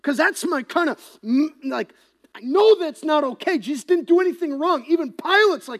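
A pastor preaching an impassioned sermon, swinging between loud emphasis and hushed, whispered passages. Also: high voice, lively intonation, normal speed.

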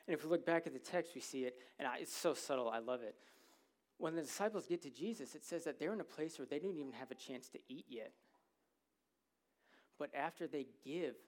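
Speaking in a mid-range voice, a man preaches to a church congregation in a conversational, humorous style. He often checks in with them by asking "right?"

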